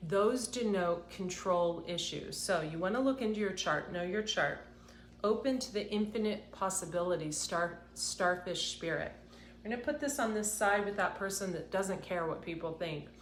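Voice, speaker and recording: A woman giving an intuitive card reading, speaking softly and earnestly while on the edge of tears. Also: fairly low pitch, moderate pace, roomy sound, a little hiss or hum. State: tearful, close to crying. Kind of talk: tarot-style card reading to camera.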